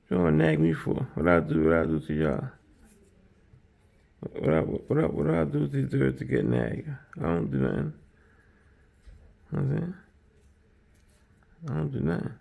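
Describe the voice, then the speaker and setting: A man's voice: medium pitch, wildly swooping pitch, normal speed, gravelly, pauses often, warm tone. A man streaming from his home kitchen as he bakes, chatting casually with his viewers and rambling, repeating himself often. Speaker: streamer baking on camera.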